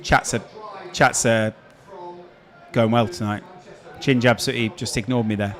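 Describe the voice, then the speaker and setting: A man's voice: medium pitch, fairly even intonation, normal speed. A man with a Scouse accent hosting a casual live stream, chatting and answering viewer questions. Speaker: streamer host.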